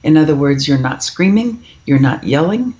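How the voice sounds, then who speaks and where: A woman's voice: deep voice, lively intonation, moderate pace, dark tone. Middle-aged lady guest on a podcast, emphatic, tells stories, kinda muffled lo-fi sound. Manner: emphatic, storytelling, acts out quoted kids and parents. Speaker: parenting author guest. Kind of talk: podcast interview.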